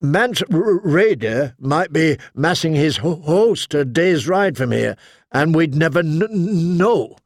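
A man's voice: on the high side, lively intonation, takes it slowly, no echo, studio quality. Man doing a stammering sullen officer. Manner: stammering, complaining.

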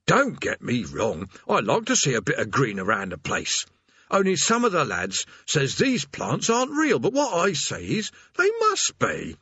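Guy doing a raspy fed-up hell demon, grumbly and mournful, slow and husky. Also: a little high, pushed and bright, no echo, highs cut off, pitched above the performer's own voice, heavily acted. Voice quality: rasping. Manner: mournful, reciting a customer-service script through gritted teeth. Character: weary male demon doorkeeper of hell, put-upon, grumbling.

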